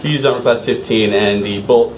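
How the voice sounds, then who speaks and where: A man's voice: medium pitch, normal speed, echoey room, a little hiss or hum. A man narrating as dungeon master in a loose, rambling way, with restarts and asides to the players. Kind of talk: narrating a tabletop game.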